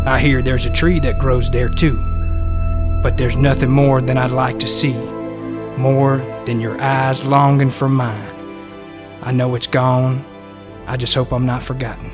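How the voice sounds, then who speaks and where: Man reading a romantic ad over music. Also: mid-range voice. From New York, the Bronx. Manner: slow, earnest, mock-romantic delivery. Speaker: podcast co-host. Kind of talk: dramatic reading of a personal ad.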